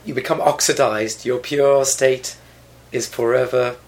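A British man co-hosting a podcast, delivering dry, deadpan quips in casual chat. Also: mid-range voice, a little slow. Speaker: podcast co-host.

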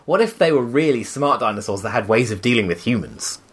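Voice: medium pitch, lively intonation, brisk, slight background noise. A podcast co-host in casual, playful chat, often laughing.

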